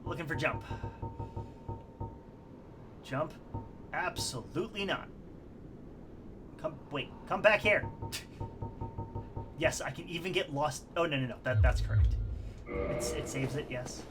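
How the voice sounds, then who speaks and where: Chatty, self-deprecating woman streamer talking over loud game music. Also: deep voice, lively intonation, unhurried, pauses often. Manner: chatty, rambling, self-deprecating, laughs often. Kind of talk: casual let's-play commentary.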